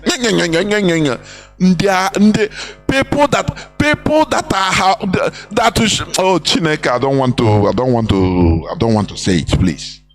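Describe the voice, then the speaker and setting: Over soft background music, a man speaks a little high, expressive and measured. With a Nigerian accent, he gives a heated, preachy live broadcast address, reiterating phrases and mixing in pidgin and Igbo.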